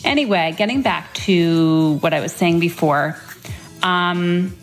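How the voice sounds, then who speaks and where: A woman's voice: fairly low pitch, slow, soft background music. A middle-aged woman, a mother, reading a fond birthday tribute and telling a tender family story. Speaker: mother leaving a birthday message. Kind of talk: read-aloud birthday tribute.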